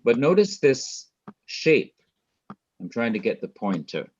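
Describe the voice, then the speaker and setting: Slow, deliberate Jamaican male teacher. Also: mid-range voice, big pitch swings, a little mellow, husky. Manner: slow, deliberate, repeats key words and quizzes students. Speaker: Hebrew teacher. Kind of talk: online Bible language lesson. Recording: dull lo-fi sound.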